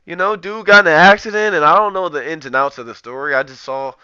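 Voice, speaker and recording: A man's voice: fairly high pitch, quick pace, sharp tone, clear, resonant tone, no echo. A man ranting in casual commentary, rambling and profane, with lots of filler words. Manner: profane, rambling, heavy use of "like". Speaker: streamer. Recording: dull lo-fi, dry.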